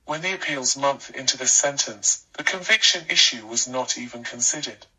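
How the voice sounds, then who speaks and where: A man narrating a scripted life story with a steady, even storytelling delivery. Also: mid-range voice, normal speed, slightly rough, distant mic, low-quality recording.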